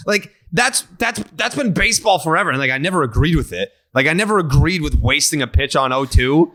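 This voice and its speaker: A man's voice: on the high side, animated, brisk, few pauses, pushed and bright. A man hosting a podcast, ranting profanely and with heat in casual chat. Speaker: podcast host.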